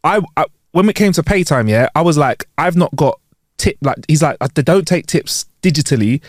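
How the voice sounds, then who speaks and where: Man, lively storyteller, high-ish voice, swinging pitch, dry close mic. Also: a little fast, no room sound. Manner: animated storytelling, acts out dialogue, laughs often. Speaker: podcast co-host. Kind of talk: casual chat.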